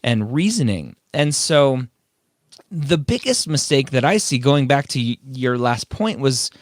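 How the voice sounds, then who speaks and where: A man of medium pitch hosts a casual advice podcast. He talks emphatically, hammering his points home with rhetorical questions. His voice is close and dry, with no room sound. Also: very animated, unhurried, no room sound. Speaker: podcast host.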